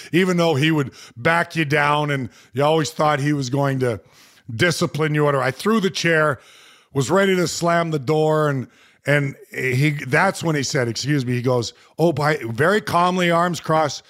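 A man's voice: on the high side, normal speed, fairly bright tone. A man in his forties, a retired hockey player, telling a long anecdote in a casual interview, quoting others and often restarting his sentences.

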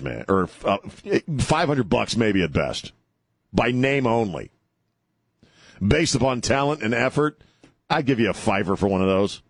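A man's voice: mid-range voice, husky, no room sound. A man hosting a talk radio show, taking callers and giving sarcastic, mocking commentary in a chatty way.

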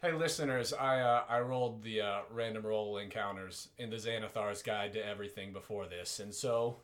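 A man's voice: lowish voice, normal speed, fairly bright tone. A man narrating as game master for a tabletop game, rambling and hesitant. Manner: rambling, hesitant, full of fillers.

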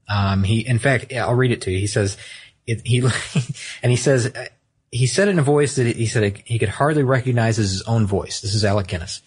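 Husky low-voiced man telling a story. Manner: rambling, self-correcting, reads from notes. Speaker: podcast co-host. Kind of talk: casual storytelling chat.

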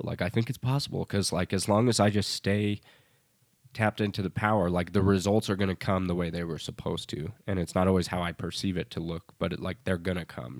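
A man's voice: deep voice, dry recording. A man co-hosting a podcast, chatting in a laid-back way with frequent laughs. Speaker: podcast co-host. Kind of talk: casual chat.

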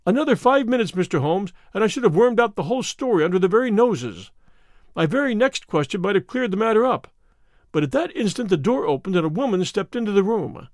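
A man's voice: high-pitched, big pitch swings, a little fast, dry recording, studio quality. Man narrating an old mystery story. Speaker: audiobook narrator. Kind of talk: scripted first-person narration.

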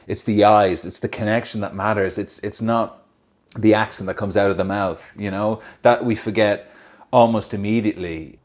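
An Irish man in a casual interview, talking in a relaxed, self-deprecating way, laughing often and restarting his sentences. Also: lowish voice, moderate pace. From Ireland. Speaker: actor interviewed about a series.

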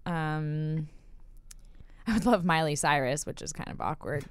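A woman's voice: deep voice, unhurried, smooth, no echo. A woman hosting a casual podcast chat, chatty and enthusiastic, often laughing as she talks. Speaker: podcast host.

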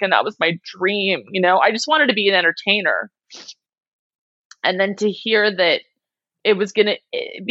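A woman's voice: medium pitch, a bit bright, dry recording. A young adult woman telling a personal story in a casual interview, animatedly mimicking the people she quotes. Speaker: guest. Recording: slightly dull lo-fi sound.

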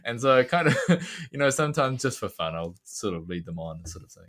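Deep-voiced New Zealand man, chatty. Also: animated, a little fast, a bit bright. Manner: dry, laughing, rambling storyteller. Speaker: podcast guest. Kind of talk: casual chat.

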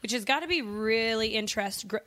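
A woman co-hosting a casual podcast chat, animated and exclamatory, laughing often. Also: a little high, brisk. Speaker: podcast co-host.

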